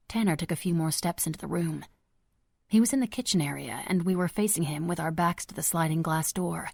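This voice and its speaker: Woman audiobook narrator, low voice, tense delivery, dry close recording. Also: fairly quick, creaky, darkish tone, dry recording. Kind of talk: first-person audiobook narration.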